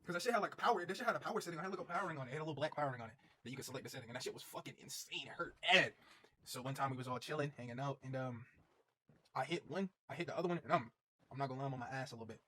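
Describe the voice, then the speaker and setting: A man's voice: medium pitch, racing, pushed and bright, slight background noise. A young man streaming, telling a rambling, profane story in a casual way and repeating himself as he goes.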